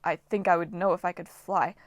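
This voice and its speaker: A dazed teenage boy hero, as a woman reader voices him, subdued and soft as if thinking aloud. The voice stays near her own, a little lower and quieter. The sound is dry and close. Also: fairly even intonation, brisk, no echo, close to an everyday voice. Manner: subdued, wondering.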